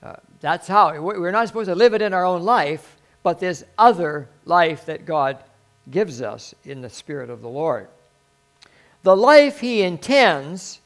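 A male pastor preaching a sermon in an earnest, conversational way, swinging from quiet asides to sudden emphatic lines. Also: high-pitched.

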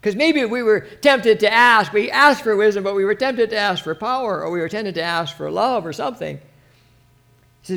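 Male preacher with a high voice; earnest, halting delivery that lifts into fervor when reading scripture. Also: vocal fry, sharp tone. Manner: earnest, halting, many restarts and asides; reads scripture with rising fervor. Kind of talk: informal sermon with scripture reading.

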